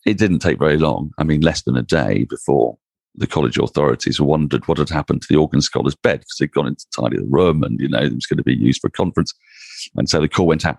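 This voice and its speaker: Very deep gravelly male raconteur. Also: no room sound, studio quality. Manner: animated, self-mocking raconteur with frequent restarts. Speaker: cricket commentator, podcast guest. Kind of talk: anecdotal interview storytelling.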